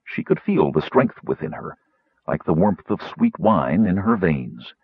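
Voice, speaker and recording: A husky, expressive audiobook narrator. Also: male voice, low voice, a little slow, no room sound, narrow, tinny audio. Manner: expressive, voices each character.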